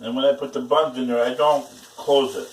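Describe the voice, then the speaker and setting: This brisk, mid-range male voice belongs to a man rambling crudely and cursing a lot as he cooks at home for a casual vlog aimed at viewers. The mic is placed at a distance, with faint noise behind him.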